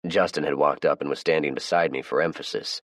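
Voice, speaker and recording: A man narrating a first-person audiobook in a measured, plain storytelling manner. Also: very deep voice, steady tone, no echo, studio quality.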